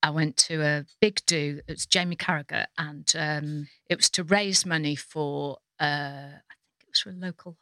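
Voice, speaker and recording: A woman from North Wales telling a funny anecdote as a podcast guest, lively and animated. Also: moderate pace, no room sound. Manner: lively storyteller, jumps into high voices for quotes. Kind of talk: casual chat, anecdote telling.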